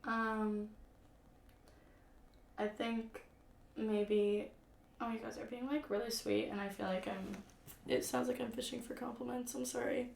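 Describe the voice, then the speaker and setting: Slow, gravelly young woman streaming. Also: on the high side, steady tone. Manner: self-deprecating, complaining, chatty with viewers. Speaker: livestreamer. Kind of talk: casual live-stream chat. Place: room at home. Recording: echoey room with faint background hum.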